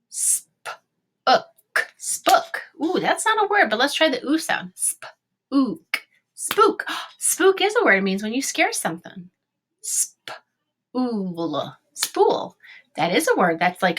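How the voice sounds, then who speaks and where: A woman teacher giving an online phonics lesson to young children, sounding out words slowly and cheering them on. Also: medium pitch, sharp tone, slightly rough.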